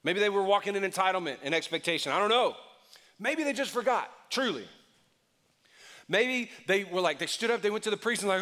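A male pastor preaching a sermon in an expressive, conversational way, with acted-out quotes. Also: sits high, a little fast, in a large hall.

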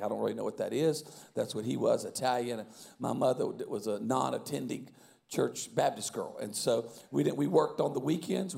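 Hoarse male preacher, deep gravelly voice, dark tone, folksy and chatty. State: hoarse, lost voice. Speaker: guest pastor. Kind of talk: sermon opening.

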